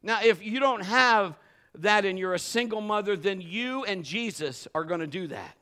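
A man's voice: high voice, lively intonation, moderate pace, bright, forceful tone. A middle-aged man preaching a live sermon in a church, emphatic and building to fervent exhortation. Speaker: pastor. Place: church service.

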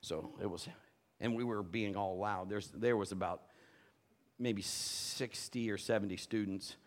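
A man preaching a sermon, telling lively personal stories and acting out the voices of the people in them. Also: on the low side, unhurried. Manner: animated storytelling, playful quoted voices. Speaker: pastor.

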